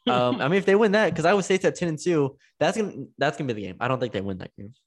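A man's voice: fairly high pitch, expressive, racing. A man co-hosting a sports podcast, reading off scores and stats in casual chat and now and then tripping over a word. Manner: talks through stats, trips over words. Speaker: podcast co-host.

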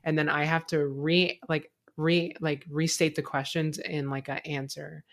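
A woman's voice: deep voice, level tone, measured pace. Young woman, podcast co-host; loose, filler-heavy, profane storytelling. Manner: rambling storytelling, many fillers and swearing. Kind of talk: casual chat.

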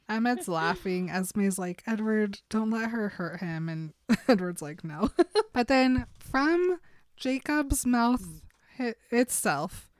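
A woman's voice: fairly high pitch, expressive, takes it slowly, dry recording, clean studio sound. A woman casually recapping a book, acting out the characters' lines as she goes.

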